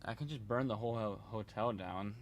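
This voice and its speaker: A man's voice: fairly low pitch, fairly quick, a little hiss or hum. A man commentating a game playthrough as a streamer, wry and joking, muttering asides to himself. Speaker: gaming streamer.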